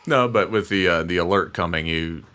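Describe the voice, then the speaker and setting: A man narrating as game master of a tabletop game, with halting delivery and frequent laughs. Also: low-pitched, bright, forceful tone, smooth.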